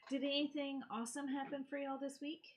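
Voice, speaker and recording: A woman's voice: high-pitched, level tone, brisk. A woman co-hosting a casual livestream, laughing often and chiming in cheerfully.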